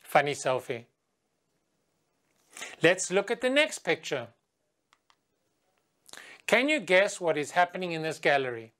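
Woman teacher, very slow speech, patient and clear, quiz questions for kids. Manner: patient, asks quiz questions and chants with the class; sings a chant in a higher, lively voice. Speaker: English teacher. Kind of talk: slow, clear classroom instruction for children. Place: remote video lesson.

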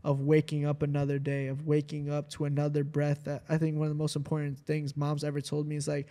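Young guy on a podcast, earnest, says like a lot, kinda higher voice but mellow. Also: completely flat delivery, quick pace. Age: young adult. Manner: earnest, affirming, heavy use of "like". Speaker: podcast co-host, host's son. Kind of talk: casual podcast chat.

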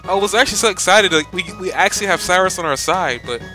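A young man giving excitable let's play commentary, given to sudden outbursts as he plays blind. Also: sits high, fast talker, over music. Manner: excitable, prone to loud outbursts. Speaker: game streamer.

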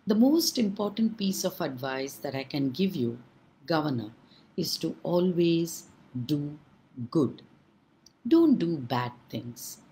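Wise old monk in a storybook tale, put on by a woman narrator; calm, gentle, low voice, measured and slow. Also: exaggerated voice.

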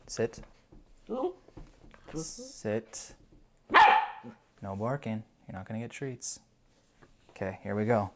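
A dog owner hosting a casual video, giving a puppy quick commands and upbeat play-by-play commentary. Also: medium pitch, a little mellow.

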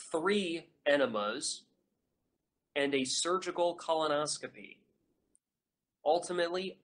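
A man narrating his own nonfiction audiobook in a measured, earnest reading voice, leaning hard on key words. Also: mid-range voice, fairly bright tone.

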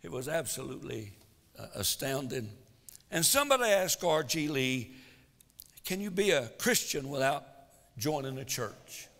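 A man preaching a sermon in a church, swinging between loud exhortation and quiet asides. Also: mid-range voice, big pitch swings, a little slow, vocal fry, long reverb tail. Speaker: pastor. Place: church sanctuary.

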